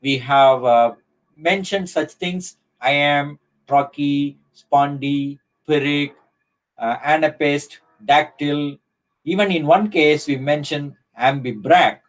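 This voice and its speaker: Slow, deliberate Indian English professor. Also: male voice, fairly high pitch, poor audio. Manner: slow and deliberate, with frequent fillers and restarts. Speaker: professor giving an online lecture. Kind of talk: live lecture on poetry.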